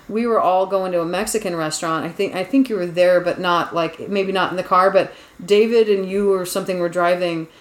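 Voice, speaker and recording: A woman hosting a casual podcast chat, telling rambling stories with lots of "like"s and restarts. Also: mid-range voice. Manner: rambling, chatty storyteller with frequent "like"s. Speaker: podcast host. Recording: roomy echo.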